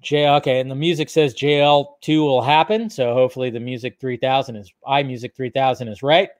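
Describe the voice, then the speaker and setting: A man's voice: mid-range voice, steady tone, brisk. A man hosting a casual film news livestream, reading out viewers' chat questions and answering them in a loose, rambling way with free swearing. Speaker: film news channel host.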